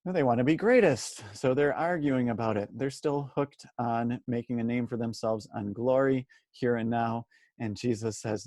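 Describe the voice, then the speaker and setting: A man's voice: mid-range voice, normal speed, a little mellow, no room sound, studio quality. A man leading a daily Bible study who talks earnestly, often asking rhetorical questions and repeating words for emphasis. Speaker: Bible teacher.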